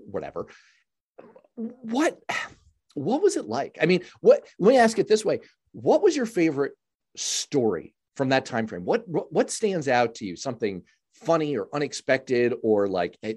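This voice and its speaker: A man's voice: medium pitch, darkish tone. A man hosting a casual interview, chatty and jokey, restarting phrases as he talks. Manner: chatty, jokey, repeats words when starting. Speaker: podcast host.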